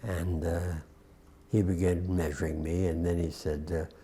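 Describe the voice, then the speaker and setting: A man in his nineties with a Southern US accent, being interviewed and telling an unhurried story with dry humor. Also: sits low, flat delivery, mellow, a little hiss or hum. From Atlanta, US South. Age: 90s. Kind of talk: recounting a war memory.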